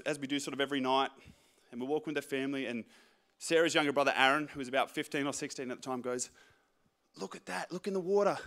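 Young aussie guy preaching, bright fairly high voice, animated and joking at himself. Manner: animated, self-mocking storyteller. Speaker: pastor. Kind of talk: sermon storytelling.

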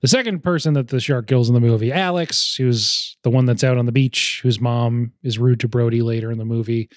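A man's voice: mid-range voice, brisk, no echo, studio quality. A young man in casual film talk with friends, rambling and often laughing as he goes.

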